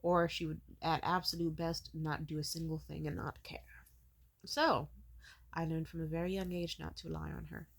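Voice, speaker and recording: Woman in her 20s, lowish voice, vlog rant, blunt and bitter with a lot of swearing. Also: normal speed, gravelly. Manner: wide pitch swings when animated. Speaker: vlogger. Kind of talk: storytelling rant.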